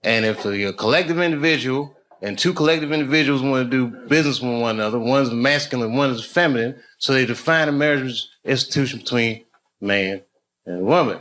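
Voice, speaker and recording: A male comedian doing a live stand-up set, swearing freely and darting into high mock voices as he riffs with the audience. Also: animated, normal speed. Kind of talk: live stand-up routine with crowd work. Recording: loud audience noise behind.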